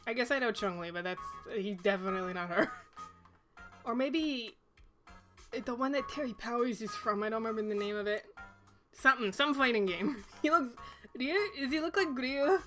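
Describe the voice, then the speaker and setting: A woman's voice: fairly high pitch, expressive, normal speed, fairly bright tone, soft background music. Giggly woman streaming a game. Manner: giggly, chatty. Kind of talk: casual live game commentary.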